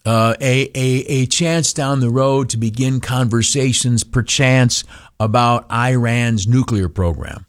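A man's voice: medium pitch, takes it slowly. Rambling male radio host. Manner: rambling, self-deprecating, many fillers. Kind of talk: casual radio commentary.

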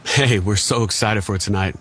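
A man's voice: on the low side, normal speed, fairly bright tone, breathy edge. A man acting a polite, upbeat neighbor in an ad dialogue. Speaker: actor in ad skit. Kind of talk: friendly ad dialogue.

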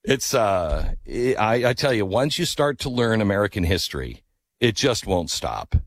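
Male radio talk host, casual storytelling, animated, lower-pitched voice, dry close studio sound. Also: measured pace, no room sound. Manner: animated, swings up into incredulous outbursts.

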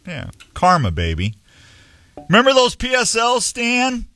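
A man's voice: very high-pitched, huge pitch swings, a little slow, sharp tone, dry recording. Chatty radio guy, jokey and opinionated, bouncy voice, dry close mic. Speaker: radio show host. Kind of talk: casual radio chat.

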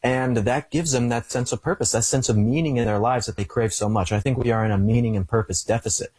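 Husky-voiced young man, earnest interview guest. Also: mid-range voice, quick pace, darkish tone, no echo. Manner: earnest, storytelling with acted quotes. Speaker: guest, conservative commentator. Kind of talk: conversational interview.

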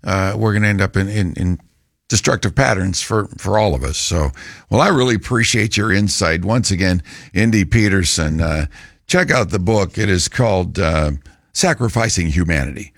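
Husky low-voiced radio host. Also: male voice, normal speed, no echo, clean studio sound. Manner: conversational, with fillers. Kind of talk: talk radio interview.

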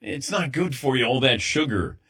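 A middle-aged man hosting a sports radio show in relaxed, conversational banter. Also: medium pitch, normal speed, breathy edge.

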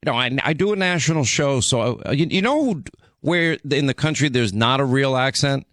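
A man's voice: mid-range voice, animated, brisk, fairly bright tone, dry recording. Man in his 60s, talk radio host, faint New York accent, stammering restarts, dry studio sound. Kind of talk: talk radio, live ad read.

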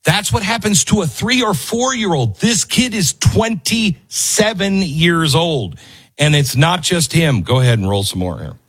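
Emphatic husky-voiced male commentator. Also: fairly high pitch, a little slow. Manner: emphatic, lively, repeats lines for stress. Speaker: commentary show host. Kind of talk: opinionated commentary over a played video.

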